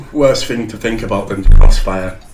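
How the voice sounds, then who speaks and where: Lowish-voiced guy hosting a tech show, swears a lot, jokey, room echo. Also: noisy background. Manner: rambling, swears freely, jokey. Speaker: show host. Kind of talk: casual tech chat.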